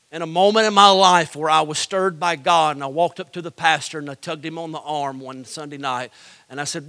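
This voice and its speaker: A middle-aged man with a voice on the high side and some vocal fry preaches a Pentecostal sermon, sharing his own testimony. He swings from quiet storytelling to shouted pleading and whispers.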